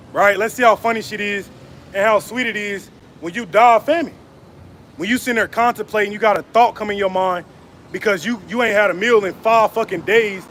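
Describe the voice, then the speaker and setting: A male street preacher with a high, light voice addresses passersby outdoors. He swears and mocks between chuckles, then slows down and raises his voice to read scripture. Faint street noise sits behind him. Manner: profane and mocking, laughing between taunts; reads scripture slower and louder. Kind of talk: live-streamed street preaching.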